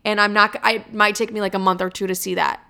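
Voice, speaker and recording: A woman's voice: mid-range voice, little pitch movement, quick pace, gravelly, bright, forceful tone, smooth. A young woman in her twenties hosting her own podcast, signing off in a casual, chatty way full of swearing and rambling asides. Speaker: podcast host. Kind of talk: casual solo podcast outro.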